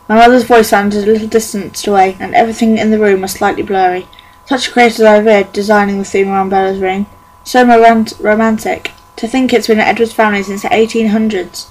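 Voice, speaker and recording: A woman's voice: mid-range voice, steady tone, brisk, darkish tone, poor audio. A young woman reading a novel aloud at home as a fan audiobook, earnest, with occasional stumbles and restarts. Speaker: amateur audiobook reader. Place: bedroom at home.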